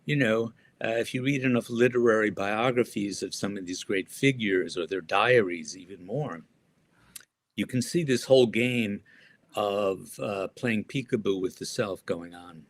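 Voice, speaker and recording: A man answering interview questions as an author and guest, speaking thoughtfully with frequent pauses and restarts. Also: on the low side.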